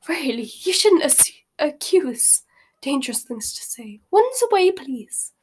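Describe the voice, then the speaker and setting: A woman voicing a fussy, easily flustered older shopkeeper in a storybook reading. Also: moderate pace. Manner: fluttery, nervous, high-pitched.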